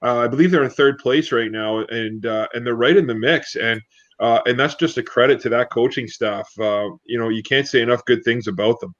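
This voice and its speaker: A man's voice: medium pitch, a little fast, fairly bright tone. A man co-hosting a sports talk show, chatting casually and telling rambling stories with lots of fillers. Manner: rambling, many fillers, storytelling. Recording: dull dry lo-fi audio.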